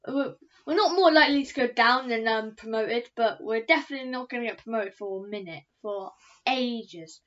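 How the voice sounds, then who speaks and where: A woman's voice: fairly high pitch, normal speed, a bit bright. Frustrated woman ranting a match review. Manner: frustrated ranting, repeats herself. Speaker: football fan reviewer. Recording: dull lo-fi recording.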